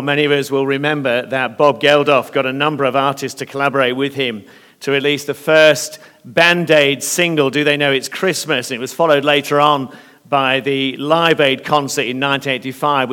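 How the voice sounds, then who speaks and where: A slightly hoarse man preaching a sermon in earnest, often pausing on fillers. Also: medium pitch. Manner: earnest, with hesitant fillers and softening in prayer. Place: church. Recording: long reverb of a church hall.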